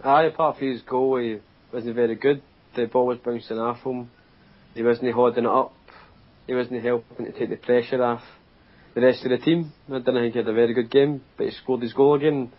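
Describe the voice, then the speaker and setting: A man's voice: mid-range voice, fairly even intonation, brisk, muffled recording. A Scottish man giving plain, matter-of-fact football analysis on a casual podcast. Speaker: podcast co-host.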